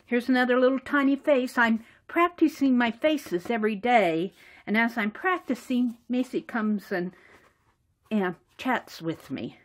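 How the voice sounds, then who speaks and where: A woman vlogger walking through her sketchbook in casual show-and-tell narration, chatty and quick to laugh. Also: on the high side. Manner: chatty, laughs often, acts out little dialogues. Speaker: art journaling vlogger.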